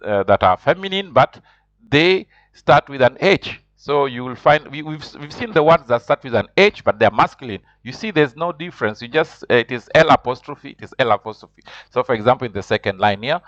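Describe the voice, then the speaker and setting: Halting low-voiced man teaching French. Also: animated, a bit bright, no room sound. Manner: halting, many fillers and restarts, asks "huh?" often. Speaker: language teacher. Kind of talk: online French lesson. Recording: slightly dull lo-fi recording.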